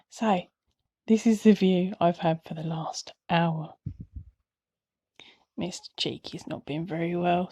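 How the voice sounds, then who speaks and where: A woman's voice: lowish voice, darkish tone, dull audio. A woman chatting casually at home for her crochet vlog, rambling, laughing often and correcting herself as she goes. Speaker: crochet vlogger. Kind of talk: casual chat.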